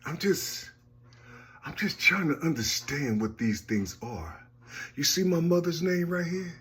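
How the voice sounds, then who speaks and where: A man in a rambling personal monologue, halting and repetitive, often asking "you see?" and trailing off softly. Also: a little high, animated. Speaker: speaker sharing personal visions.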